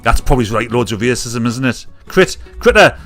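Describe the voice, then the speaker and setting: A British man hosting a live comedy stream, ranting casually with jokes and loud mimicked honks. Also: medium pitch, animated, normal speed, faint music behind. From United Kingdom. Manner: chatty, jokey, mimics catcallers with loud honks and whoops. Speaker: livestream comedy show host.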